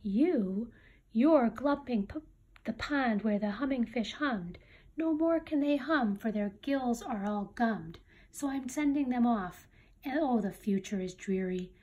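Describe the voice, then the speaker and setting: A woman's voice: on the high side, animated, unhurried, a little mellow, husky. A woman reading a picture book aloud and voicing a small grumpy male creature who guards the trees, in a scolding, pleading manner. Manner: scolding, pleading storybook delivery.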